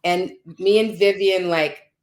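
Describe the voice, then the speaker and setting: Guest, female, lower register, earnest conversational storyteller who keeps checking in with the listener. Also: fairly even intonation, takes it slowly.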